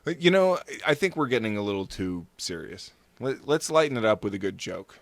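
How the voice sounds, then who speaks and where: Man, podcast host, crude, sarcastic, low voice, dry close mic. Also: very animated, brisk, dry recording. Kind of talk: casual comedy chat.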